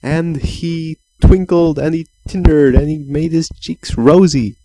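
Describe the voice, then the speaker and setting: A man's voice: fairly high pitch, unhurried, mellow, no room sound, rough recording. A man improvising a playful, meandering bedtime story for a child, with chants and sound effects.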